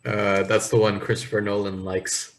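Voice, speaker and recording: A man co-hosting a podcast, telling rambling stories in a casual, animated way. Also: fairly low pitch, normal speed, rough recording. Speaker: podcast co-host. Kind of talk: casual chat.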